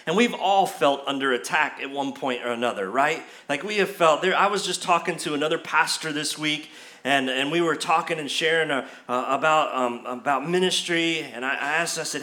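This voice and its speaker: High, bright-voiced pastor preaching. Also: male voice, fairly quick. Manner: conversational, frequent restarts and "like"; acts out quoted voices with rising pitch. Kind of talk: sermon. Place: church service.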